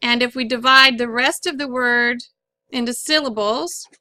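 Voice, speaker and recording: A woman's voice: fairly high pitch, moderate pace, sharp tone, no room sound. A woman teaching a phonics lesson, patiently sounding out words syllable by syllable.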